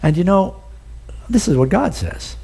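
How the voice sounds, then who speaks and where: A man's voice: high voice, very animated, a little slow, creaky, a little mellow, husky. A man preaching a sermon, telling a story earnestly and asking his listeners questions.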